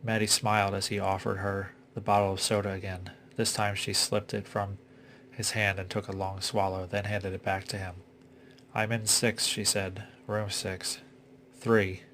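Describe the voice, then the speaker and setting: A man reading a suspense story aloud in a steady, unhurried way. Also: low-pitched, slight background noise. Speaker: reader. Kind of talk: audiobook story narration.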